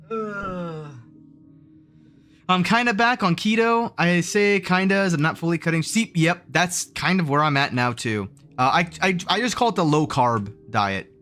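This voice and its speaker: A man's voice: high voice, expressive, unhurried, pauses often, fairly bright tone, soft background music. A man streaming live, chatting casually with his viewers in a rambling way, full of restarts and fillers. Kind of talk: casual livestream chat with viewers.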